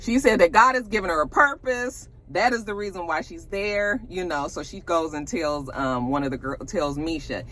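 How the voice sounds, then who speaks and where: A woman's voice: lowish voice, normal speed. A woman casually recapping a reality show episode, acting out quotes with swearing and laughter. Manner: animated storytelling, acting out quotes, cursing, laughing.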